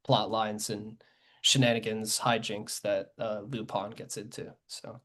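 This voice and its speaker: A man's voice: on the low side, little pitch movement, measured pace, fairly bright tone. A young man co-hosting a podcast, chatting loosely about films, rambling with many fillers and self-corrections. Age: young adult. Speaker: podcast co-host. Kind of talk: casual film chat.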